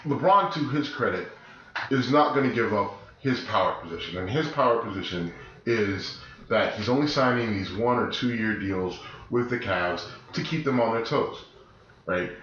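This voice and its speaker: Man, podcast co-host, sick and deeper-voiced, emphatic rambling, very echoey room, dull lo-fi sound. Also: lively intonation, moderate pace, fairly bright tone. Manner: rambling, emphatic, many restarts. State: sick, voice deeper than usual. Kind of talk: casual chat.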